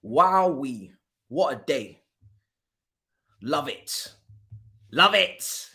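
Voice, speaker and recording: Lively young man mocking rivals. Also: fairly high pitch, very slow. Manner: mocking, animated, swings from mutters to loud outbursts. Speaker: livestream football watchalong host. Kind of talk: casual live-stream banter.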